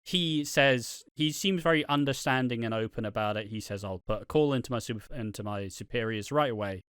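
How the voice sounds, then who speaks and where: An English man chats on a podcast in a bright, clear voice. He stumbles and restarts his sentences often and swears offhandedly. The sound is close and dry. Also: mid-range voice, no echo. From England. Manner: halting, many restarts, swears casually. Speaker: podcast co-host. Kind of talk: casual podcast chat.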